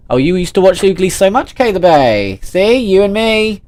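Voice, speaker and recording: A male streamer chats playfully on a livestream, reading viewers' messages aloud and answering with jokes. He speaks at a normal speed in a high-pitched, sing-song, slightly mellow voice.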